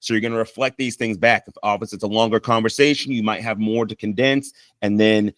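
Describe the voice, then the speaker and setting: An earnest man gives a casual lesson on talking with a partner, his voice sitting fairly low. He repeats his points and keeps checking in with the listener. The sound is dry and close. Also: fairly even intonation, fast talker, few pauses, a bit bright, dry recording. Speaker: counselor teaching communication skills.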